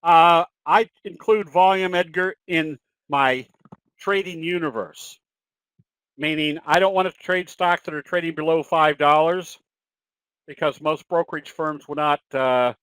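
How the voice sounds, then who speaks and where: A man's voice: on the high side, a bit bright, clear, resonant tone, no echo, poor audio. Folksy man giving a trading webinar. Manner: folksy, conversational, with frequent fillers and self-corrections. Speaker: trading educator presenting a webinar. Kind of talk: webinar presentation with Q&A.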